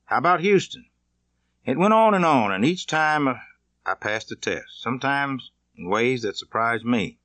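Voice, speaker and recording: Man narrating his own life story, plain and measured, mid-range voice, dry close sound. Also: mid-range voice, animated, fairly bright tone, no room sound. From Mississippi, US. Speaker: author reading his memoir. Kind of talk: audiobook narration.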